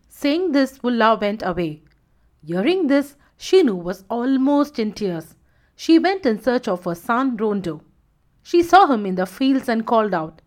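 A woman's voice: on the high side, sing-song, measured pace, a little mellow. A woman narrating a children's animal story and giving every character a voice of her own.

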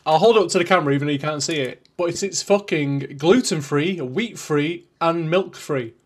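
A man's voice: fairly high pitch, normal speed, husky. A man on a casual podcast, swearing and mumbling as he talks while eating. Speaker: podcast co-host.

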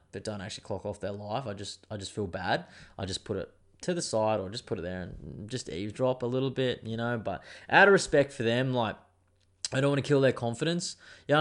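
A young man, hosting a casual monologue show. He rambles and digresses and swears freely. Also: fairly low pitch. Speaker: podcast host.

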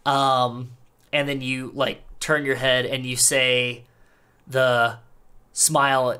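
A man's voice: medium pitch, flat delivery, takes it slowly, pushed and bright, smooth. A man narrating as game master in a tabletop game, loose and full of fillers.

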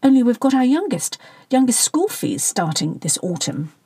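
A woman reading the part of a practical, sharp-tongued middle-aged wife with a brisk manner. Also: fairly high pitch, very animated, husky, no echo, voice pushed up.

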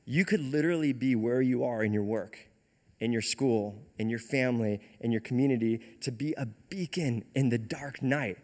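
A man's voice: mid-range voice, moderate pace, a little mellow. A man preaching a casual retelling sermon, conversational and often checking in with "right?". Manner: conversational, keeps asking "right?". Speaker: pastor.

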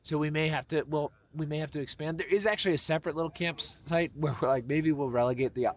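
A man with a slightly high voice works through his point. He hesitates and fills the gaps with fillers as he explains his plans. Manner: halting, filler-heavy talk. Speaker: event organizer. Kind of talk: live panel banter.

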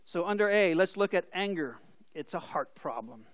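A man with a high voice preaches a sermon, moving between scripture and lively stories whose people he acts out. The sound is dry and close. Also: normal speed, no echo. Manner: storytelling with acted-out voices. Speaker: pastor.

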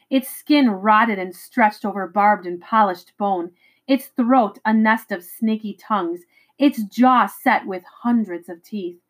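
A woman reading a novel chapter aloud, expressive and dramatic, with occasional stumbles. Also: mid-range voice, low-quality recording. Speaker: reader.

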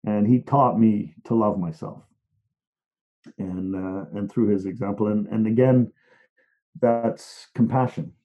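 Halting man, phone-thin sound. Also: on the low side, steady tone, narrow, tinny audio. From England, Liverpool. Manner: halting and reflective, many restarts, emotionally open. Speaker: speaker sharing a personal story. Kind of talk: personal storytelling talk.

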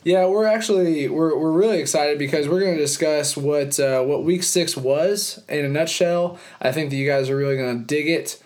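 A young man hosts a casual podcast. His voice sits a touch high, and he talks in hyped, rambling bursts that rush ahead, then stretch out. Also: moderate pace, hardly any pauses, darkish tone. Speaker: podcast host.

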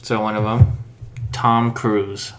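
A woman's voice: a bass voice, little pitch movement, slow. A woman co-hosting a casual podcast, chatting and reading online posts aloud. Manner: chatty, reads out online comments. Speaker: podcast co-host.

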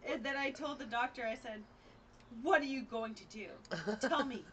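Theatrical woman with a high voice, faint noise. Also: normal speed, fairly bright tone. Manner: theatrical, acts out dramatic quotes. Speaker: podcast co-host. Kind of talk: casual chat, storytelling.

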